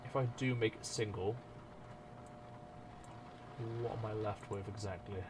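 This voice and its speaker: A man's voice: lowish voice, fairly even intonation, a little slow, background noise. A man streaming live, chatting casually and self-mockingly with his viewers and swearing freely as he works.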